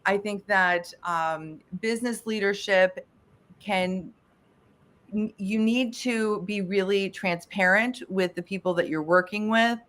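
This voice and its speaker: A woman's voice: mid-range voice, slow, fairly bright tone. A woman speaking as a guest in a podcast interview, talkative and emphatic with frequent restarts. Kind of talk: casual interview chat.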